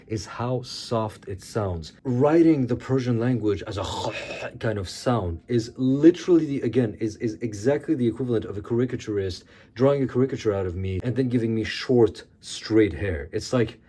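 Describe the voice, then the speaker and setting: A man's voice: medium pitch, moderate pace, few pauses, warm tone, slightly rough. An Iranian man hosting his channel, giving sarcastic, impassioned commentary to camera. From Iran. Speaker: channel host.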